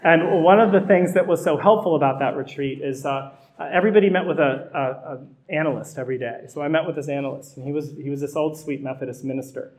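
A man's voice: a little high, fast talker. A middle-aged man, a pastor, preaching a sermon in a conversational way that builds to emphatic repetition.

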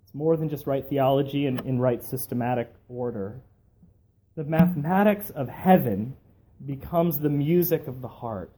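Man preaching with a mellow voice. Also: mid-range voice, moderate pace. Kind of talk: sermon.

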